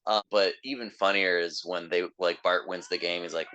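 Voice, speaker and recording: A man's voice: sits low, fairly even intonation, normal speed, few pauses, bright, forceful tone, muffled recording. A man hosting a podcast in casual chat, talking with enthusiasm and plenty of fillers. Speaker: podcast host.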